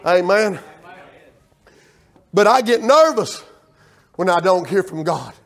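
High-voiced preacher, folksy and fervent. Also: male voice, slow pace, gravelly. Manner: loud, animated preaching with folksy storytelling. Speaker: pastor. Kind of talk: sermon.

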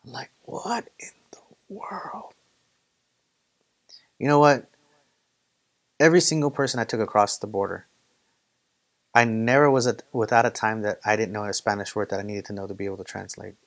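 A man's voice: on the low side, fairly even intonation, brisk, creaky, pauses often. A man preaching a casual Bible study, conversational and full of stories and acted quotes. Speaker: pastor leading Bible study. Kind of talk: casual sermon.

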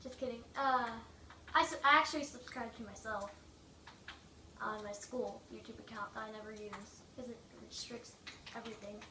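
A woman giving casual, rambling gameplay commentary, joking and mocking herself, her throat a little rough from coughing. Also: on the high side, steady tone, normal speed, far from the mic. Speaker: gaming video maker. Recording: echoey room, away from mic, faint noise.

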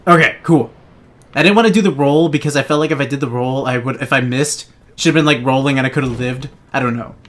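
A man's voice: medium pitch, fairly quick, fairly bright tone. A young man giving rambling, joking let's play commentary, swearing and laughing at his own jokes. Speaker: gaming channel host.

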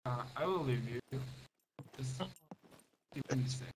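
A man's voice: mid-range voice, measured pace, noisy background. A man chatting brashly with other players over in-game voice chat, calling everyone brother. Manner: brash, calls people brother.

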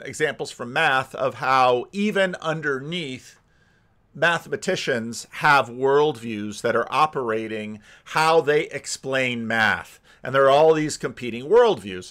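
A man hosting a commentary channel, talking casually and musing over a debate clip, restarting his sentences often. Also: medium pitch. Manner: musing, restarts often, animated when he mimics others.

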